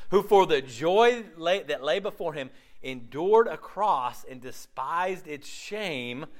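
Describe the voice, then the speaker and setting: A middle-aged man preaching a sermon as pastor, animated and laughing, acting out quoted voices. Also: on the high side.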